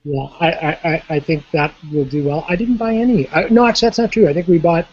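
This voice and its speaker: A man's voice: a little high, fast, dull audio, slight background noise. A man speaking as a panelist in a casual discussion, stammering and restarting sentences over a remote call.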